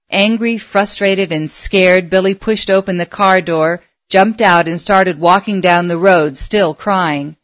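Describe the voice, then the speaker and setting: A woman narrates a story in a measured, expressive way. Her voice sits fairly low, and the recording is dry and close, with no room around it. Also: dry recording. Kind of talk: audiobook narration.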